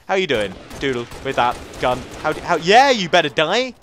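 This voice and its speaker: A man in his late teens from England, rambling fast and jokily through gameplay commentary, with sudden squeaky jumps in his voice. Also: sing-song, a bit bright, slight background noise. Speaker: gaming YouTuber.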